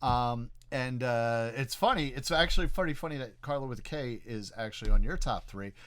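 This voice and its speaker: A man's voice: mid-range voice, moderate pace, a bit bright, no echo. A middle-aged man with a Philadelphia-area accent tells stories in a rambling, swearing, filler-packed way, as a casual podcast co-host. His voice is dry and close, with no room sound around it. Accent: Philadelphia-area American. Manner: rambling, profane storytelling with many fillers. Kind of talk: casual chat.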